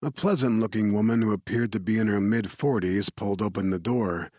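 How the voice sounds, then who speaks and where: A man reading an audiobook in steady, measured narration. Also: on the low side, dry recording.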